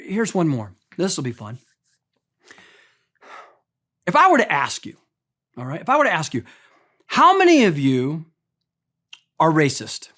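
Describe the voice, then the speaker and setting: Animated male pastor preaching casually. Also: high-pitched. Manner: animated, talks straight to the congregation with quick repeats. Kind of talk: conversational sermon.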